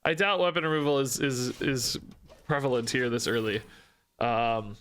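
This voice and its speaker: A man's voice: medium pitch, normal speed, fairly bright tone, clear, resonant tone. A man streaming a card game, thinking aloud, questioning himself and joking between plays. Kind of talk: live-stream gameplay commentary.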